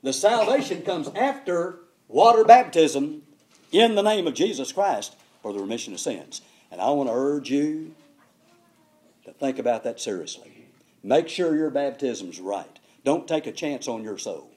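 An older man preaching a sermon, telling stories with emphatic, animated delivery. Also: a little high, unhurried.

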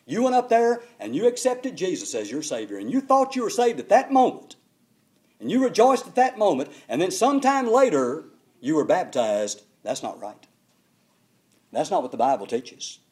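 An older man preaching a sermon, telling stories with emphatic, animated delivery. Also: high-pitched, normal speed.

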